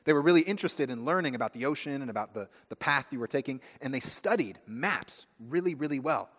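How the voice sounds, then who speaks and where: Pastor preaching in a reverberant hall. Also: male voice, medium pitch, fast talker. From United States. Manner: animated storytelling, acting out friends' voices. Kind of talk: sermon.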